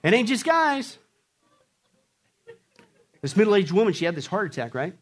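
A man preaching a sermon with jokes, swinging from loud to hushed and acting out voices. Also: high-pitched, big pitch swings, normal speed, slight background noise. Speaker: pastor.

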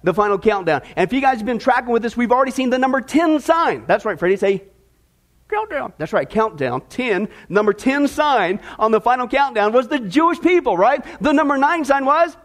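A pastor preaches to his congregation in a very high-pitched man's voice. He keeps it chatty and jokey, tossing asides to people in the room. Then he turns earnest about scripture. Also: lively intonation, brisk, hardly any pauses, a bit bright. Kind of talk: sermon. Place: church service before a congregation.

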